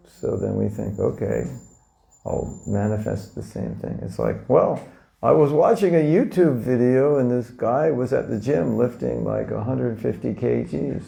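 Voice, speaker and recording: Gravelly-voiced man giving a casual talk. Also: medium pitch, mellow. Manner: conversational, asks the audience questions, acts out little scenes. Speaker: spiritual teacher. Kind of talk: informal lecture to a live audience.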